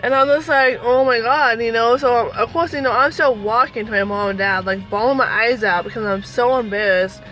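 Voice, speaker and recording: A woman's voice: fairly high pitch, fairly quick, hardly any pauses, faint music behind, rough recording. A woman in her thirties telling a personal story in a casual, chatty way, full of fillers. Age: 30s. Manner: chatty, animated, lots of fillers. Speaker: vlogger.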